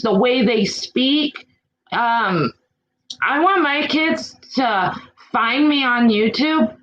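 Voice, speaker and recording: Slow-talking exasperated woman vlogger. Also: a little high, a bit bright, highs cut off, slight background noise. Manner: frank, exasperated, mild swearing; slow and drawn out. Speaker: YouTube channel host. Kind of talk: casual chat to live chat viewers.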